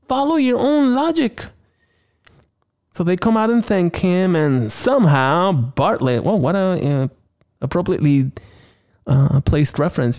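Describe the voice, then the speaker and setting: A male podcast host giving a comedic movie recap, excited, rambling and sarcastic. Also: high-pitched.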